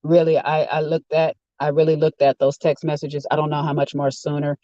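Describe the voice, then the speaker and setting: A man's voice: a little high, monotone, fairly quick, warm tone, no room sound, muffled recording. A man giving a rambling, opinionated casual rant while sitting in a car. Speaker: vlogger. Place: inside a car.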